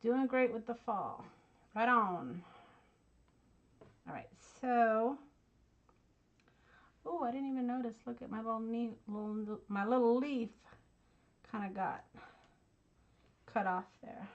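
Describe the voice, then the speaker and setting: A woman who hosts a crafting channel talks slowly, pausing often, in a slightly high voice as she works at her home desk. She's chatty and jokes at her own expense, calling viewers "y'all," over lo-fi sound.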